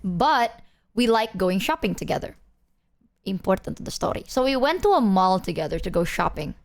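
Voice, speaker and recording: A woman's voice: mid-range voice, very animated, moderate pace, creaky, slight background noise. A young woman streamer telling a long story to her viewers, rambling with lots of fillers and laughing often. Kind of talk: casual chat to stream viewers.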